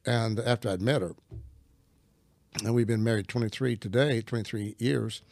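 His voice is on the low side, steady and a little mellow, with vocal fry and normal speed. As an interview guest, this middle-aged Christian minister shares stories conversationally, earnest and folksy, frequently starting his sentences over.

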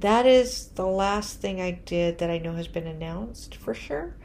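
A woman's voice: mid-range voice, unhurried, creaky, darkish tone. A woman hosting a podcast in casual chat, tired and punch-drunk, rambling and laughing at herself. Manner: rambling, self-deprecating, laughing often. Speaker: podcast host.

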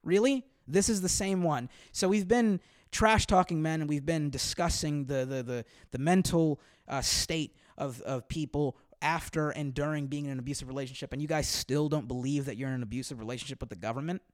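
A man's voice: a little high, fairly quick, no room sound. Man, comedian on a podcast, heated profane rant with stammered repeats, dry close sound. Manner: heated, profane, repeats words when worked up. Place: Los Angeles.

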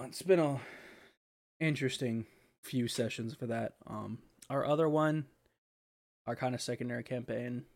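Rambling, profane young man host. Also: mid-range voice. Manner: rambling and profane, with frequent fillers and laughter. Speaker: podcast host. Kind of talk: casual podcast chat.

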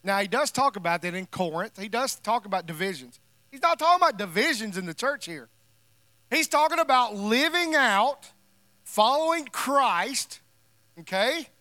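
A man with a notably high, bright voice delivers a sermon as pastor, talking to his congregation in an easy, conversational way and pressing his points with emphasis. His voice is close and dry, with almost no room sound around it. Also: no room sound. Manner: conversational, emphatic preaching with playful asides.

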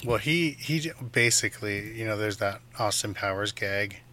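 A man's voice: lowish voice, moderate pace, pushed and bright, slight background noise. A man guest on a podcast, talking casually and playfully about a film. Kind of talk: casual movie discussion.

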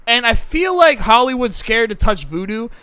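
A young man with a high, bright voice co-hosts a casual podcast chat. He talks bluntly and swears freely, with animated, opinionated delivery. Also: moderate pace. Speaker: podcast co-host.

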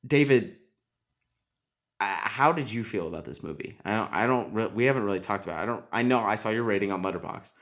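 A man's voice: fairly low pitch, lively intonation, fast talker, fairly bright tone. A man hosting a podcast, talking at length in a casual movie discussion, full of likes and restarts. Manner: talkative, many likes and restarts. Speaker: podcast host.

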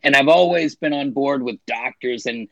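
Man radio host as guest, gravelly voice, joking, dry close sound. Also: medium pitch, moderate pace, no room sound, poor audio. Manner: joking, animated storyteller. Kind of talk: casual chat.

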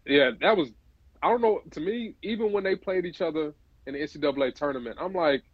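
A man's voice: on the high side, fast talker, slightly rough, no echo. A man hosting a casual interview who agrees readily and often ends phrases with "man". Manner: agreeable, says man a lot. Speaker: podcast host. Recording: dry, slightly dull sound.

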